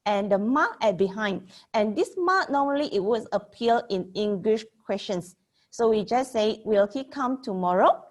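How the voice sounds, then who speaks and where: A young woman teaching Mandarin grammar in an online lesson, explaining slowly and checking in with "okay?" as she repeats example sentences. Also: medium pitch, animated.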